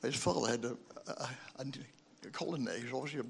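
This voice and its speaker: An older man in the audience introduces himself and shares memories in a halting, hesitant way. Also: mid-range voice, gravelly, a little hiss or hum. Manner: hesitant, halting, with many restarts. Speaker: audience member asking a question.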